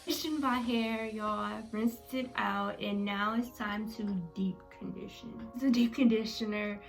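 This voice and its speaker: A woman's voice: fairly high pitch, fairly even intonation, measured pace, soft background music. A young woman chatting casually to her viewers as she walks them through her hair-care routine. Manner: chatty, talks straight to viewers. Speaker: beauty vlogger.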